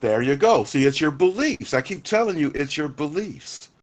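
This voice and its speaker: Brief: high-pitched man, combative and foul-mouthed, stubborn in debate. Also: very animated, moderate pace. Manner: profane, insistent, repeats himself. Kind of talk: heated casual argument.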